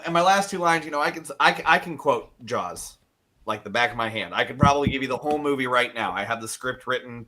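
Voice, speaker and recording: A man's voice: lowish voice, bright, forceful tone. A man co-hosting a casual podcast, talking animatedly and acting out film quotes now and then. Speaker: podcast co-host. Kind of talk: casual chat.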